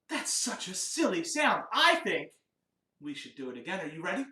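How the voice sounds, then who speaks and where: A man's voice: high voice, big pitch swings, a little slow, pushed and bright, far from the mic. A man teaching a children's music lesson, upbeat and encouraging as he talks to young kids. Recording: roomy, off-mic, guitar behind.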